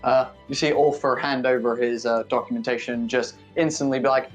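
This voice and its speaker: A man narrating as game master in a relaxed, loose way, leaning on fillers between phrases. His voice sits at a middle pitch, and the sound is slightly dull and lo-fi. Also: fairly quick, hardly any pauses, faint music behind. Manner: casual, hesitant narration with fillers.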